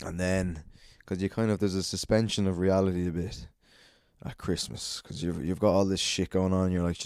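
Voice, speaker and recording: Deep, sweary Irish man rambling. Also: flat delivery, normal speed, a little mellow, clean tone, no room sound. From Ireland. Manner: sweary, rambling, self-mocking. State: out of breath. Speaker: podcast host. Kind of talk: solo podcast chat.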